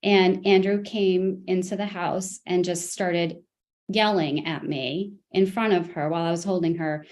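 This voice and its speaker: A woman testifying in a custody case, telling events in a halting way with many restarts and fillers. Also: fairly low pitch, fairly even intonation, darkish tone. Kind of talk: court testimony.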